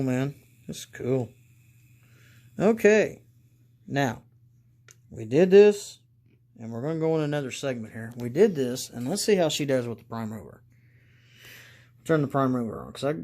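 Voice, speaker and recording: A man hosting a casual hobby review video, talking slowly and rambling, getting excited and calling out to his viewers as guys. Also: mid-range voice. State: congested from allergies. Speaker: model railroad channel host.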